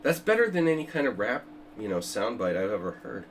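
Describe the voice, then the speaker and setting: A man's voice: lowish voice, sing-song, fairly quick, a little hiss or hum. An older man hosting a chess simul on a livestream, chatting casually with jokes, asides and restarts. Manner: joking, rambling, with many restarts and asides.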